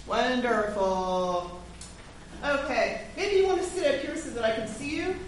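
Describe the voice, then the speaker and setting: A woman pastor reading scripture and leading a children's sermon, gentle and encouraging with coaxing questions. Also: fairly high pitch, animated, measured pace, a little hiss or hum. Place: church sanctuary. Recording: echoey church from far off.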